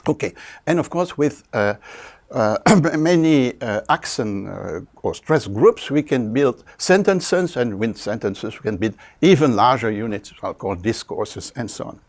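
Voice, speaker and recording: An older man with a French accent delivers a university lecture on speech. His voice sits at an ordinary middle pitch. He talks haltingly, with many fillers and frequent throat clearing. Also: expressive. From France. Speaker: linguistics professor.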